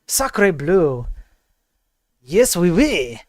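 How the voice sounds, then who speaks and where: A man voicing a weary, pompous male police officer in a comic mock-French accent, speaking slowly. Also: sits high, big pitch swings, darkish tone, dry recording, studio quality, exaggerated voice.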